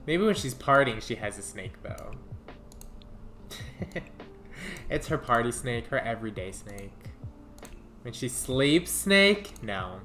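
A woman streaming a game, thinking out loud in a casual, musing way, trying out names and giggling between thoughts. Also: very deep voice. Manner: muses aloud, trying out names, quick to giggle. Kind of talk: casual gameplay commentary.

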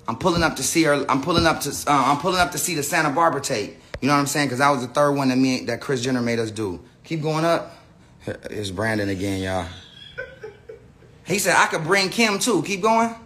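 Bright-voiced man on a profane rambling rant. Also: mid-range voice, expressive, fairly quick, slight background noise. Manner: profane, rambling, restarts often. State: says he is high. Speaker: person telling his side of a story. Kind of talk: unscripted rant to viewers.

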